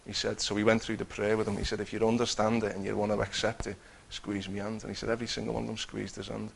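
A man's voice: on the low side, little pitch movement, quick pace, creaky, a little hiss or hum. A man giving an earnest personal testimony, telling his story with many restarts. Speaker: testifying believer.

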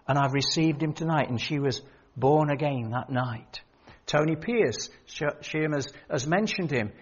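Older male preacher, husky lo-fi sermon. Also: fairly high pitch, normal speed. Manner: storytelling, quoting others, rising emphasis. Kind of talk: sermon with anecdotes. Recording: dull lo-fi sermon recording.

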